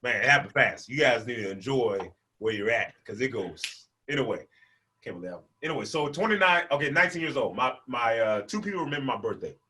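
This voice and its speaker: Animated young male stand-up comedian. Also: mid-range voice, brisk. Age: 20s. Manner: animated, laughs between lines, acts out the characters in his stories. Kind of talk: stand-up storytelling. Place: a room, performing for a virtual event. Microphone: video call microphone.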